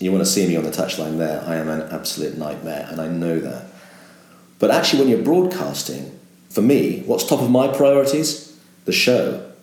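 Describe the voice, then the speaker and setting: A man's voice: deep voice, a little mellow, roomy sound. A man, a sports broadcaster talking reflectively and emphatically in an interview, often repeating words as he starts a thought.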